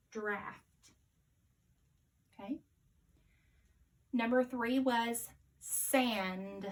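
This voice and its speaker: Woman teacher, phonics lesson, sounds out letters one by one, unhurried. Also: on the high side, steady tone. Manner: slow, clear, sounding out each letter. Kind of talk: phonics lesson for young children.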